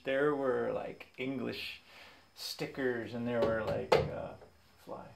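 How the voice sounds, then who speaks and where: A young man casually telling funny stories from his childhood, animated and quick to laugh. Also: mid-range voice, vocal fry, slight background noise. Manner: animated, acts out voices in quotes, laughs often. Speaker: vlogger. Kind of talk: casual storytelling.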